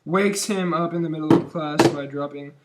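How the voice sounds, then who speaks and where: A man's voice: on the high side, moderate pace, very noisy. A young man co-hosting a casual podcast, reading a script aloud and teasing his friend with crude jokes. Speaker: podcast co-host.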